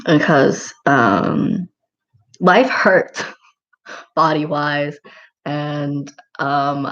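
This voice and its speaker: A woman's voice: sits low, lo-fi sound. A woman chatting casually on a livestream and reading out comments, rambling and giggling with lots of filler words.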